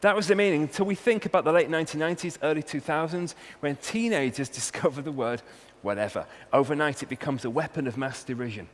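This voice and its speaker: A man's voice: a little high, quick pace, hardly any pauses. A man with a Welsh accent, a university researcher giving a humorous talk and hitting key words with punchy emphasis. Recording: long hall reverb, faint hum.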